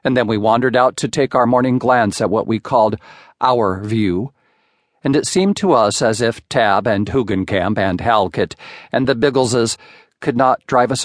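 A man narrating a classic short story in a measured, unhurried audiobook reading on a close studio mic. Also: medium pitch, dry recording.

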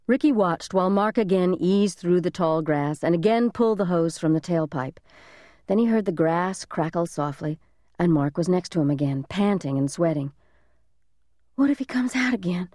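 A woman narrating a thriller audiobook in a measured, suspenseful reading, close to the microphone. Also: fairly low pitch, dark tone, no echo. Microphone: close studio mic.

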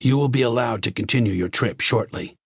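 A man voicing a stern male Martian officer who speaks in a slow, clipped, commanding way. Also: medium pitch, breathy edge, no echo, clean studio sound, pitched above the performer's own voice. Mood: cold.

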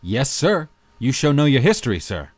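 A man's voice: medium pitch, big pitch swings, moderate pace, dry recording, pitched above the performer's own voice. A male audiobook narrator voicing a cheerful, polite male coach driver in a lifted, deferential tone.

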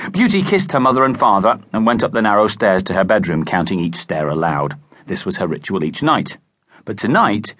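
Brief: male storyteller, lower voice, very animated, dry close studio sound. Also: breathy edge, no room sound. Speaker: audiobook narrator. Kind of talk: scripted narration. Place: dry recording booth. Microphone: close studio mic.

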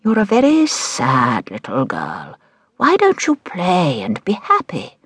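A woman's voice: on the low side, huge pitch swings, slow, a bit bright, slightly rough, no room sound, pitched above the performer's own voice, full character voice. Woman putting on an old blind shopkeeper. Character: old blind male shopkeeper, gruff and mysterious.

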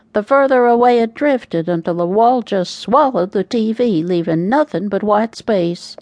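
A woman's voice: mid-range voice, a little mellow, no room sound. Woman reading a wry audiobook. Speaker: audiobook narrator. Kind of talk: first-person audiobook narration.

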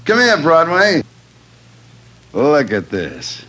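An actor playing a confident, fast-talking big-shot gambler in a 1940s radio drama. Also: male voice, a little high, huge pitch swings, pushed and bright, heavily acted. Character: the Brain, a smooth big-shot gambler, man. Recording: old radio recording with faint hiss.

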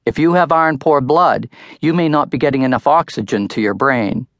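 A man's voice: mid-range voice, fairly quick, no echo, voice pushed up, close to an everyday voice. A man voicing a stern, scolding farm mother who talks sharply.

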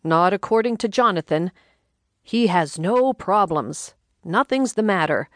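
A woman's voice: medium pitch, expressive, measured pace, dry recording, natural voice. A woman voicing a grumbling, folksy older husband who talks in a dry, laconic drawl.

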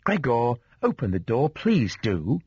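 A man reading an audiobook, voicing a caring young sister who speaks softly. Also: medium pitch, wildly swooping pitch, unhurried, husky, no room sound, exaggerated voice. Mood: concerned. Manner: soft, hushed. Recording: dull dry studio sound.

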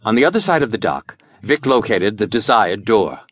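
A man reading an adventure audiobook as scripted narration, with animated storytelling. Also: on the low side, moderate pace, slightly rough, no room sound.

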